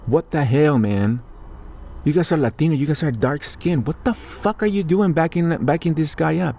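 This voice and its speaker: A man's voice: on the high side, animated, moderate pace, mellow, slight background noise. Profane, indignant man ranting. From Mexico. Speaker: political commentator. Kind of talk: heated political rant.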